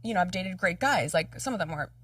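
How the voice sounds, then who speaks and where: A woman's voice: lowish voice, expressive, fast, fairly bright tone, no echo, distant mic. A woman podcast host in casual chat, open and affirming, speaking about her own dating life. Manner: open, affirming, short agreeing replies.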